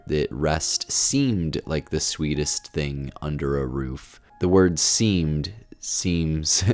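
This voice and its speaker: A man giving a thoughtful, explanatory poetry lesson, working through his points with small restarts. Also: a bass voice. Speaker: literature teacher. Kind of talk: poetry lecture.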